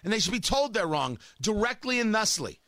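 A man's voice: sits high, big pitch swings, brisk, fairly bright tone, no echo. A man delivering a sarcastic, combative opinion monologue as a talk show host.

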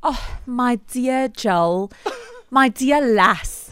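An overwrought lady pours out dramatic sorrow in a mock-British accent, put on by a woman. She speaks slowly and theatrically, in a slightly high voice. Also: a bit bright, clean tone, no echo, studio quality. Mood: melodramatic. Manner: slow, theatrical, melodramatic.

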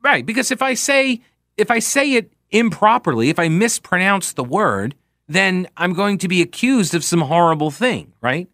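A man's voice: sits high, very animated, normal speed, fairly bright tone, no room sound, studio quality. A man hosting a talk radio show, giving opinionated political commentary in a sarcastic tone, full of rhetorical questions.

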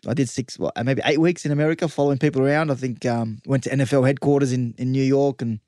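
A man on a sports podcast, talking quickly and keenly, laughing easily. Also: mid-range voice, steady tone, a little mellow, no room sound. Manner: rapid, enthusiastic, easily laughing. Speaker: podcast co-host, sports journalist. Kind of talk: casual chat.

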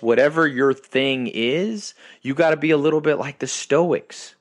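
A man's voice: fairly high pitch, unhurried, few pauses, no echo, clean studio sound. A man hosting a podcast, delivering an emphatic motivational monologue in short, punchy phrases that repeat key points. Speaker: podcast host.

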